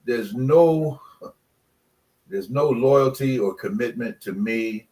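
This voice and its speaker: A man's voice: medium pitch, takes it slowly, mellow, recorded from a distance. An older man, a former college football player, talking as a radio guest in a rambling, emphatic way with many fillers. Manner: emphatic, passionate about commitment. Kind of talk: casual radio chat.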